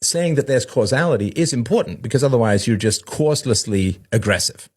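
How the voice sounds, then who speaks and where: This podcast host talks in a medium-pitched, animated voice that is a little mellow and slightly rough, moving fairly quickly. He explains things conversationally, frequently asking "right?" and imitating the voices of people he quotes.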